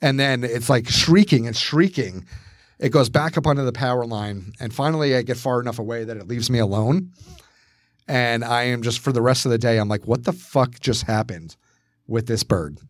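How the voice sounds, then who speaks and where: A man co-hosting a podcast, telling a story in casual, profane, animated fashion. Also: mid-range voice, brisk, no echo, clean studio sound. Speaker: podcast co-host.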